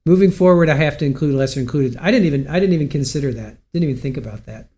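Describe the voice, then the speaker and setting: A man with a fairly high voice signs off a livestream in loose, friendly chat. He rambles and corrects himself as he goes, talking close to a desk mic. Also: rapid-fire, warm tone. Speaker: livestream host. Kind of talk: casual livestream sign-off chat.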